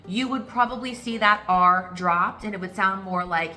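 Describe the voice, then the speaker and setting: A woman's voice: medium pitch, moderate pace, hardly any pauses, pushed and bright, soft background music. A woman who teaches speech-language pathology, explaining methodically with examples. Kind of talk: explanatory product walkthrough.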